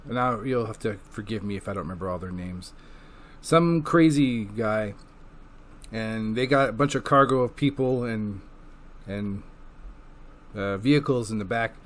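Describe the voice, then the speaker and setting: With a voice on the low side, a man recaps comic books he has read at a measured pace, pausing often. As a reviewer, he keeps it loose and casual, swearing, using plenty of filler words, and acting out quotes.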